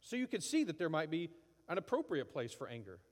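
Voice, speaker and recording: Conversational preacher in a reverberant hall. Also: male voice, fairly high pitch, huge pitch swings, a little fast. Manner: conversational, acts out angry outbursts. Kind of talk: sermon.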